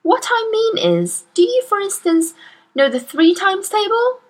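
A woman reading a storybook, voicing a kind young schoolteacher who speaks to her class in an encouraging, measured way. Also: very high voice, sing-song, pitched above the performer's own voice, full character voice. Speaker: teacher.

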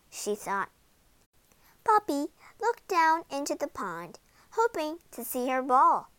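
Slow, lively young storybook reader. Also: female voice, sits high, no room sound. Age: child reader. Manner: slow, expressive reading with voices for characters. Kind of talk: reading a children's story aloud.

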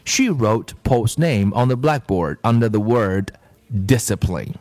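A man reading a children's story aloud in an expressive, measured manner. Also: lowish voice. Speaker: narrator.

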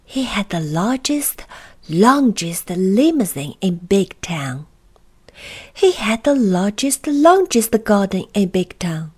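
A woman reading a children's storybook aloud, expressive, with dramatic pauses and breathy hushed asides. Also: medium pitch. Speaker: narrator.

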